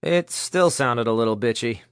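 A man's voice: mid-range voice, lively intonation, normal speed, clear, resonant tone, no echo, clean studio sound, natural voice. A man voicing a sarcastic, contrary young man who grumbles and complains, in a storybook reading. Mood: sardonic. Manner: sardonic, complaining.

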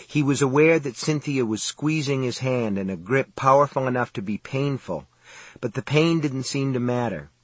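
A man narrating a horror audiobook in a measured, suspenseful reading style, close to the mic. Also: mid-range voice, animated, slightly rough, dry recording.

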